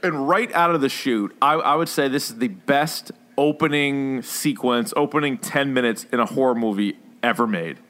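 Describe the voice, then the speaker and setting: An excitable man in his late thirties chatting casually as a podcast co-host. He talks with animated enthusiasm and swears freely. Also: mid-range voice, normal speed, few pauses. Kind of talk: casual chat.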